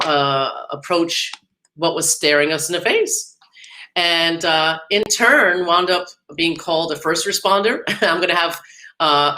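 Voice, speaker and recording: A woman's voice: sits low, sharp tone, low-quality recording. A woman hosting a live music podcast, talking casually with frequent laughs and fillers. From New York / New Jersey area. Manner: chatty, laughs often, many fillers. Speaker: podcast host. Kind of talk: casual livestream talk.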